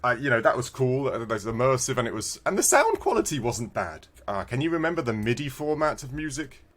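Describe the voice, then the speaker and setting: A man's voice: medium pitch, brisk. A man co-hosting a podcast, chatting casually about retro games and telling stories with frequent laughter. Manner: animated, laughing storyteller. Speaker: podcast co-host.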